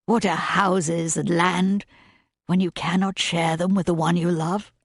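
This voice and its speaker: A woman voicing a sincere, humble gentleman suitor in an audiobook reading. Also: lowish voice, steady tone, a little slow, no room sound, clean studio sound. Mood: earnest. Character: earnest gentleman suitor, man, heartfelt and humble. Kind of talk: audiobook narration.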